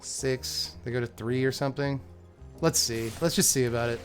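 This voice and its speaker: Excitable man groaning through a card game. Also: mid-range voice, moderate pace, faint music behind. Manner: excitable, groans and mutters at bad draws. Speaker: gaming content creator. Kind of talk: live gameplay commentary.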